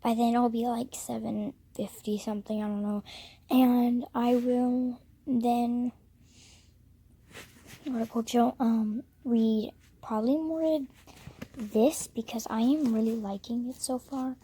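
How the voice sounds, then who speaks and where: A woman's voice: a little high, steady tone, slow pace, warm tone, husky. A teenage girl vlogging at home about finishing a book series, gushing, often whispering and exclaiming "oh my gosh.". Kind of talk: casual vlog. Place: at home, in her bedroom.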